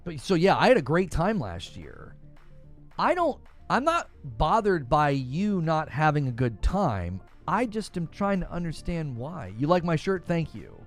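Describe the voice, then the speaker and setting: Animated man hosting a gaming stream. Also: a little high, measured pace, soft background music. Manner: animated, incredulous, rambling. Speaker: gaming show host. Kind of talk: live-stream chat answering viewers. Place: home.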